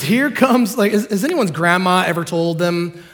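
A man preaching a sermon to a congregation, animated and joking, acting out the characters in the story. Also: sits high, moderate pace. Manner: animated, acts out quotes, jokes with the congregation. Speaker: pastor.

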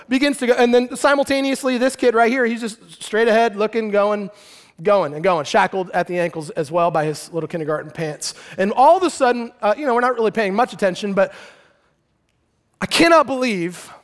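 A man from Arizona, a pastor, preaching a sermon through an animated, playful comic story that swings between loud and quiet. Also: high-pitched, brisk. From Arizona, USA. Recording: long reverb of a large hall.

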